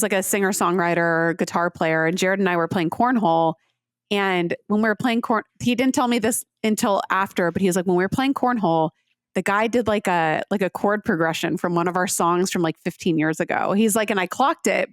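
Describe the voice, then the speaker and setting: A woman's voice: mid-range voice, no echo, studio quality. A woman co-hosting a podcast, telling stories in casual chat with lots of "like" fillers. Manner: chatty storyteller, many "like" fillers. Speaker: podcast co-host.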